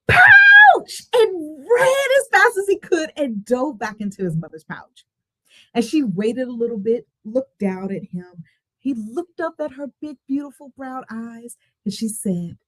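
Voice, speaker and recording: A woman's voice: mid-range voice, no echo. A woman giving a motivational talk, telling a personal story with emotion and expression. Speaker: motivational speaker.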